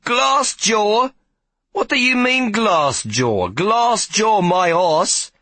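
A man putting on a foul-mouthed, imperious big woman, barking orders in an audiobook. The voice sits high and swings widely, with a bright, slightly husky edge. It is recorded close and dry. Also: animated, very slow, dry recording, exaggerated voice. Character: coarse, loud, bossy big woman. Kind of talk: audiobook character voice.

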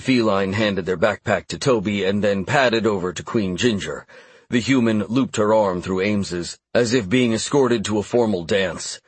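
Low husky male audiobook narrator. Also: normal speed, no echo. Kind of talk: first-person fantasy narration.

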